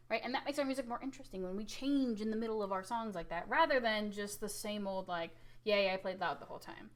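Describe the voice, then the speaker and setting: A young woman teaches a music lesson in a relaxed, talky way. She ends many lines with "right?" and acts out loud and soft levels with her own voice, jumping from near shouts to quiet tones. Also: mid-range voice, fast. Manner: animated, demonstrates loud and soft with her voice, says "right?" often. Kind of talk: casual recorded lesson.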